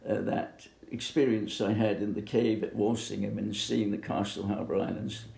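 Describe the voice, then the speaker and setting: An older man from Bermuda recalling his youth in an oral history interview, speaking haltingly with many pauses and fillers. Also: fairly low pitch, fairly even intonation, vocal fry, mellow. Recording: echoey room.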